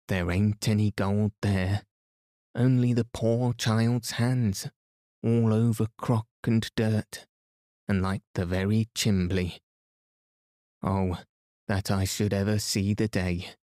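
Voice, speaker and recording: A man's voice: on the low side, steady tone, slow pace, pauses often, warm tone, dry recording, clean studio sound. A man reading the lines of a loyal, indignant household maid speaking in homely dialect.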